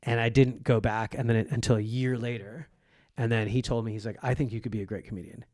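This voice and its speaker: A man's voice: medium pitch, steady tone, quick pace, a little mellow, dry recording, studio quality. A comedian in his forties who grew up in Egypt, telling stories in a casual podcast conversation, acting out quoted voices and swearing freely. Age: 40s. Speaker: comedian guest.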